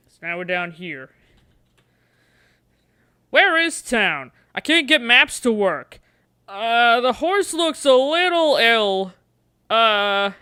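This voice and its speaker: A woman's voice: fairly high pitch, pushed and bright, clear, resonant tone, no echo, studio quality. A woman streamer playing a gamebook on a livestream, chatting playfully and coaxing the dice.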